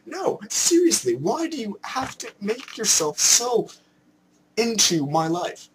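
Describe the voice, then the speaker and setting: A young man from Canada ranting excitedly in a vlog, slipping into mock voices as he goes. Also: very high-pitched, unhurried, a little hiss or hum. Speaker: vlogger.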